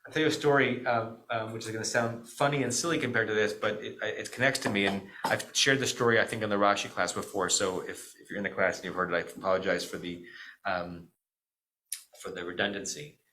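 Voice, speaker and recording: A man's voice: on the low side, fairly even intonation, fairly quick, sharp tone, slight background noise, poor audio. A middle-aged man, an American rabbi, giving a conversational Shabbat teaching with frequent "right?" asides and self-corrections.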